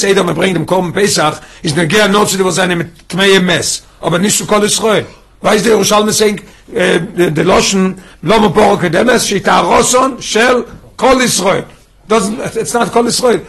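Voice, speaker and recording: Man, rabbi teaching a class, emphatic, quick pace, husky voice. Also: sits high, a bit bright. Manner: emphatic, mixes in Yiddish and Hebrew terms. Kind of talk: Torah class lecture.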